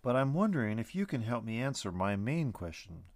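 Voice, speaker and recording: A man's voice: mid-range voice, sing-song, fairly quick, no room sound. A man voicing a curious, impatient young man in a storybook reading, asking question after question. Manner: eager, questioning.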